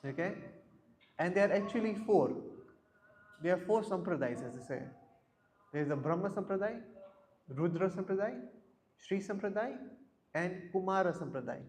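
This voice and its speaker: A man's voice: high-pitched, animated, moderate pace, long pauses, a little mellow. A man giving a scripture class in a temple hall, explaining verses word by word and putting questions to his listeners. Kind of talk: Bhagavad Gita class talk. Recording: roomy echo.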